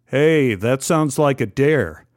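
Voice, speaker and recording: A man's voice: medium pitch, expressive, slow, a little mellow, dry recording, studio quality. A man voicing a genial, amused older male TV executive who talks in a friendly, teasing way.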